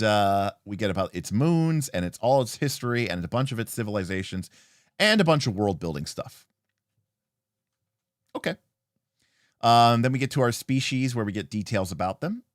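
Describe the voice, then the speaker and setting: A man's voice: on the low side, no room sound, studio quality. A man hosting a livestream, casually looking over a tabletop game book and answering chat, thinking aloud with frequent fillers and restarts. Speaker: livestream host reviewing tabletop role-playing game books.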